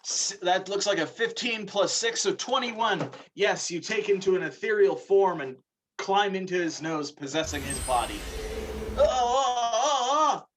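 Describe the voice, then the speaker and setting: A man narrating a tabletop game as game master, in a measured, storytelling way. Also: high-pitched, fairly bright tone, slight background noise, poor audio.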